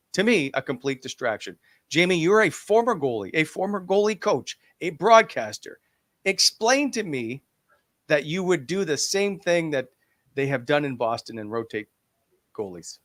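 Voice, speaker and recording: A man's voice: on the high side, lively intonation, normal speed, fairly bright tone, no room sound. A man hosting a sports podcast, steering the talk directly to the next topic. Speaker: podcast host.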